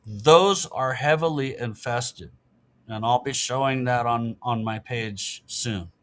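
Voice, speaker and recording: A man's voice: medium pitch, slow, a bit bright. A middle-aged man, a podcast guest, talking casually and explaining things in an earnest, matter-of-fact way. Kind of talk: casual interview talk.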